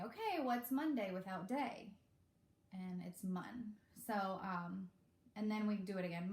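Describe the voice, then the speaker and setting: A chatty woman teacher explaining classroom activities to parents in an easy, rambling way. Her voice sits at an ordinary pitch and bounces around an echoey room at home. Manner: chatty, relaxed, with many fillers. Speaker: kindergarten teacher. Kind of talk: casual instructional talk to parents.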